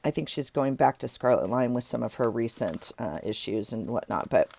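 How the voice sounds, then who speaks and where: An extremely low-pitched, gravelly, darkish woman's voice with lively intonation moves at normal speed. The vlogger chats casually while sorting journaling supplies at her desk, rambling and self-correcting.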